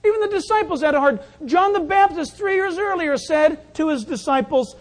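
A pastor giving a sermon in an animated, jokey way, acting out the scenes. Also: very high voice, normal speed, few pauses.

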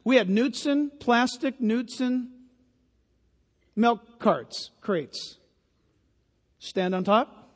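A man's voice: extremely high pitch, drawn-out words, long pauses. A man preaching a sermon, emphatic and full of stories. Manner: emphatic, storytelling. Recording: long hall reverb.

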